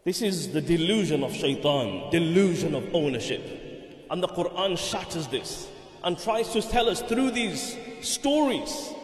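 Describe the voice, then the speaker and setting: High-voiced man preaching in an echoey hall. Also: sing-song, a little slow, soft background music. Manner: rhetorical questions and emphatic repetition. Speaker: mufti giving the Friday sermon. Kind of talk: Friday sermon. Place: mosque prayer hall. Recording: echoey mosque hall, long reverb.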